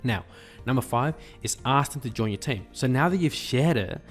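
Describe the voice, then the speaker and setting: A man's voice: mid-range voice, lively intonation, moderate pace, soft background music. A man giving a casual online marketing tutorial, chatty and acting out small talk at a bar.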